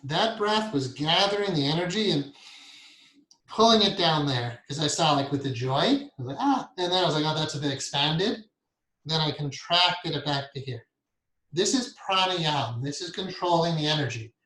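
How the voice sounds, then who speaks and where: Calm meditation teacher in an echoey room. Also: male voice, on the high side, normal speed. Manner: calm, soft-spoken, chuckles often. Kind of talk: guided meditation lesson.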